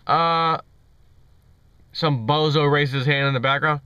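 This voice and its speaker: A man's voice: mid-range voice, steady tone, brisk, pushed and bright, smooth, no room sound, dull audio. A man ranting sarcastically in a commentary vlog, mocking officials. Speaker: vlogger.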